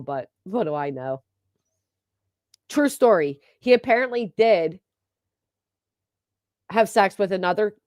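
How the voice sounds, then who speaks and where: A woman's voice: fairly low pitch, no echo, studio quality. A woman hosting a casual livestream, chatting and gossiping while reading viewer comments aloud, and laughing often. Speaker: livestream host.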